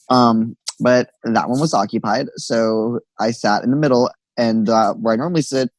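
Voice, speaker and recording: A man's voice: mid-range voice, no room sound, poor audio. Sassy, swearing young man telling stories. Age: young adult. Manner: animated storyteller, sassy quoted asides, swears freely. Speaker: podcast co-host. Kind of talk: casual chat.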